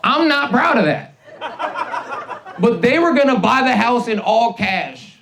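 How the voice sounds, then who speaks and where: A man in his thirties doing a stand-up comedy set, animated and slipping into put-on voices. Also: very high voice, a little slow, vocal fry, a little hiss or hum. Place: comedy club stage with audience.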